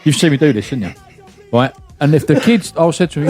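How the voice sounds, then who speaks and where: A man's voice: on the high side, expressive, brisk, a little mellow, faint music behind. A middle-aged man, telling blunt stories in a casual podcast chat. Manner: blunt, sweary storytelling. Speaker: podcast host.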